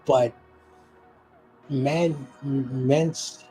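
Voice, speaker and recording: A man's voice: mid-range voice, steady tone, very slow, warm tone, soft background music. A man co-hosting a live football stream in casual chat, rambling, joking and often losing his train of thought.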